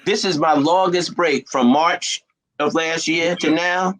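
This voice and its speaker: A middle-aged man from New Jersey, an animated storyteller in casual chat who laughs often. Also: on the high side, a little slow, poor audio. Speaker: guest.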